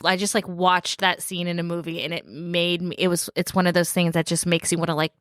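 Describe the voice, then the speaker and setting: A woman's voice: on the low side, little pitch movement, a little fast, dry recording, clean studio sound. A woman co-hosting a podcast, reacting bluntly and expressively, with some swearing. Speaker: podcast co-host. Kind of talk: casual chat.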